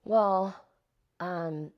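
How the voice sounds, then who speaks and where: A middle-aged actress being interviewed, animatedly telling stories and acting out the quotes. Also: female voice, on the low side, very slow, muffled recording. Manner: animated, acts out quotes with laughs. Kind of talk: anecdotal interview storytelling.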